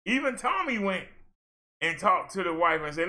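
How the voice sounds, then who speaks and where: A man's voice: high voice, big pitch swings, normal speed, sharp tone. A man with ranting through a commentary vlog, exasperated and scolding. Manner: exasperated, scolding, mocks others in put-on voices. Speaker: commentary vlogger.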